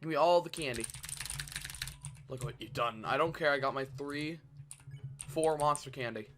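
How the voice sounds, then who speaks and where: A man giving casual let's-play commentary, excitable and rambling, breaking into restarts and shouts. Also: fairly high pitch, normal speed, a little hiss or hum. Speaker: gameplay channel host.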